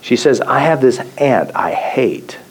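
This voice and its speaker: Male seminar host, mid-pitched, storytelling delivery, repeats himself for emphasis. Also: big pitch swings, a little slow, husky, rough recording. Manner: storytelling, repeats phrases, acts out quotes. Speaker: tapping therapy teacher. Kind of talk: live seminar talk with stories.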